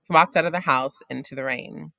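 A man narrating a novel aloud for a class in a steady, plain manner. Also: medium pitch, a little fast, gravelly, no room sound.

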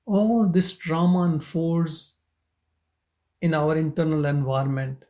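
A man leading a spiritual satsang, speaking slowly and contemplatively, asking questions and leaving long pauses. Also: fairly high pitch. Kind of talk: slow contemplative spiritual talk. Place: meditation centre hall.

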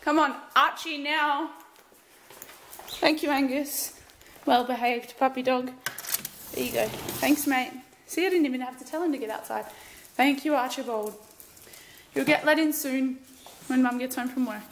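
High-pitched and speaking at a normal speed, a woman rambles through a casual vlog, chatty, breathless and self-deprecating. Music plays behind her, with a little hiss or hum on the recording.

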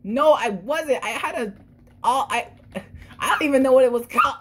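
A woman voicing a boastful cat who is a sore loser, talking in an excitable, husky voice over gameplay. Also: sits high, normal speed, pitched above the performer's own voice. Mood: defensive. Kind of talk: playful character voice over gameplay.

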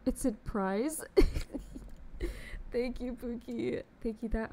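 A woman's voice: fairly high pitch, measured pace, warm tone. A young woman chatting casually on a game live stream, bubbly and chatty, greeting viewers with pet names. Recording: faint background noise.

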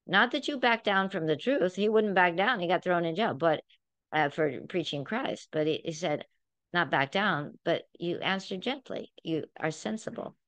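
A woman's voice: fairly low pitch, expressive, moderate pace, a bit bright, no room sound. A woman leading a Bible study, preaching in an earnest, emphatic and conversational way.

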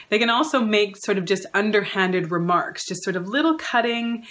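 A woman's voice: medium pitch, lively intonation, moderate pace, few pauses, fairly bright tone. A woman counsellor giving an earnest advice talk, stringing together lists of repeated phrases. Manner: acts out quoted remarks in shifted voices.

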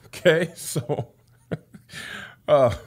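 A man hosting a comedy podcast, reading messages aloud in an animated, joking way. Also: on the high side, very slow, slightly rough. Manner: animated, reads messages aloud with acted voices. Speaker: podcast host.

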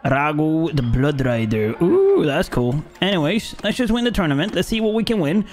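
A man with a high voice narrates his gameplay, mocking the enemies he fights and breaking into short shouts in combat. He is not an English speaker. Clear game music plays under his voice. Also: sing-song, moderate pace. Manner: playful trash talk at enemies. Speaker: gaming YouTuber. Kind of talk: gameplay commentary. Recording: game music playing behind.

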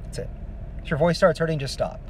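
A man giving a casual singing lesson, explaining vocal technique in a relaxed, rambling way with many fillers. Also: on the high side, fast, a little hiss or hum. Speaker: vocal coach.

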